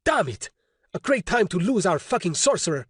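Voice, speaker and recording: A man voicing an anxious, foul-mouthed male ship captain who shouts in a frantic rush. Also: high voice, big pitch swings, moderate pace, breathy edge, no room sound, clean studio sound, heavily acted. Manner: anxious, cursing.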